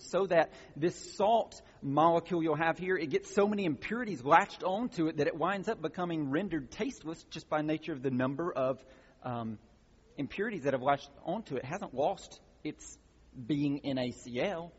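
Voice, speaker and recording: Preaching at a moderate pace, a pastor with a fairly high, husky male voice teaches through a passage before building to emphatic exhortations. His words sound muffled and echo with long reverb from a big hall.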